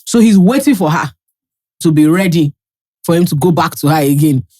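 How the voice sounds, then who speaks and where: A woman co-hosts a podcast with a playful, mock-scolding manner. Her voice sits on the low side but moves a lot, recorded dry and close. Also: expressive, normal speed, warm tone, dry recording. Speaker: podcast host. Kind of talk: casual chat.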